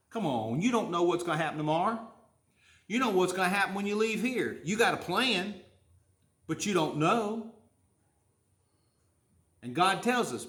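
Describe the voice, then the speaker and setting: A man's voice: high voice, animated, moderate pace, pauses often, a bit bright, roomy sound. A man, preaching a sermon in a folksy, conversational way, full of questions to the congregation. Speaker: pastor.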